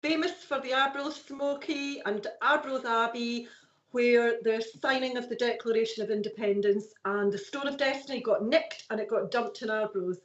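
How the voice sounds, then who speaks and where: A woman's voice: fairly high pitch, moderate pace, reverberant, lo-fi sound. A Scottish woman co-hosting a live show, chatting casually and laughing often as she greets viewers. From Scotland. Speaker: co-host and psychic medium.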